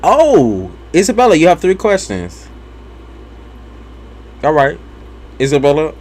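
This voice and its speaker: Blunt, animated young man chatting. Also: a little high, a little slow. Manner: blunt, profane, animated storytelling. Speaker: tarot reader. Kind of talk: casual live-stream chat.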